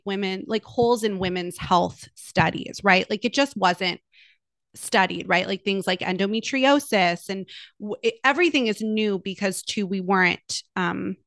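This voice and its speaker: A woman's voice: medium pitch, fairly bright tone, no echo. A woman co-hosting a podcast who thinks aloud in long rambling turns full of "like" and "right?". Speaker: podcast co-host. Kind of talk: casual podcast chat.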